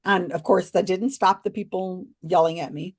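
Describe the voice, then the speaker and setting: A woman guest on a podcast, telling a story expressively with many restarts and asides. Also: husky. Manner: expressive, swings pitch widely when recounting others; talks in quick restarts and asides. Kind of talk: animated storytelling in a casual interview.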